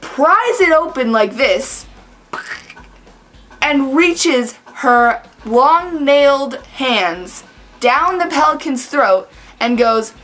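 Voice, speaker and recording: A woman's voice: high-pitched, expressive, extremely slow, fairly bright tone, soft background music. Chatty young woman vlogging. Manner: chatty, with frequent fillers and "like"s. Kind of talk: casual storytelling vlog.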